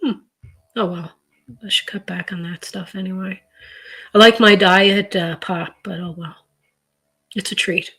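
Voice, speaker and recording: Speaking a bit slowly with long pauses, a middle-aged woman from Canada's East Coast goes over her grocery haul in a husky, slightly bright, medium-pitched voice with fairly even intonation. Her casual vlog chat rambles into stories with many fillers and restarts.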